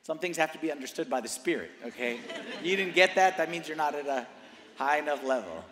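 A man preaching a sermon as a priest, moving from quiet conversational asides to loud, fervent declarations. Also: fairly high pitch, animated, fairly quick, slight background noise. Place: church. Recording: roomy church hall reverb.

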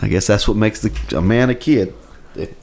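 A young man co-hosting a casual comedy podcast, goofy and quick to laugh, often slipping into silly voices. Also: on the low side, creaky, darkish tone. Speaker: podcast co-host.

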